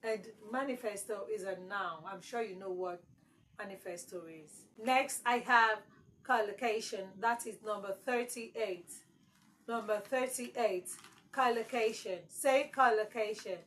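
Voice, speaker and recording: A woman's voice: mid-range voice, unhurried, a bit bright, rough recording. A woman teaching an exam-prep English lesson, repeating key words for emphasis.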